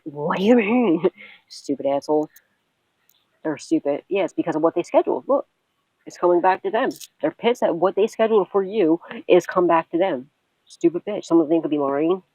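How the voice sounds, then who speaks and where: A woman's voice: deep voice, darkish tone, dry recording, rough recording. A woman speaks straight to her viewers as a tarot reader, talking through a reading in a blunt, unfiltered way. She swears freely and laughs often. She also circles back again and again to comfort the listener. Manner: blunt and profane, with frequent laughs and repeated reassurances.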